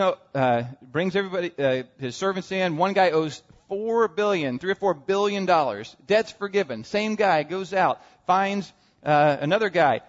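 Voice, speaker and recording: A man delivers a sermon, retelling a parable and pressing his listeners with rhetorical questions. His voice sits somewhat high and sounds slightly muffled, with a long reverb trailing through a large hall. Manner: animated storytelling with rhetorical questions. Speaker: pastor.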